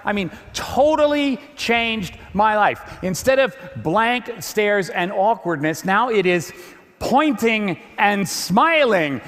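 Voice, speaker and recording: A man giving a lively stage talk to an audience, animated, often repeating words as he builds up steam. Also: high voice, slow pace, big-room sound, some chatter behind. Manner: animated, repeats words when getting going.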